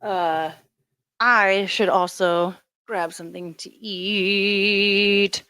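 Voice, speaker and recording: A woman's voice: mid-range voice, steady tone, extremely slow, pushed and bright, smooth, no room sound. A woman hosting a casual livestream chat, rambling and swearing offhandedly as she talks into a handheld karaoke microphone. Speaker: livestream host.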